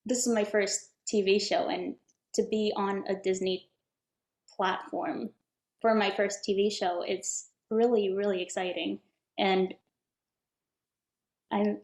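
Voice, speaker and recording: A woman's voice: medium pitch, a little mellow. A woman answering interview questions as an actress, in an earnest and enthusiastic way. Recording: echoey room.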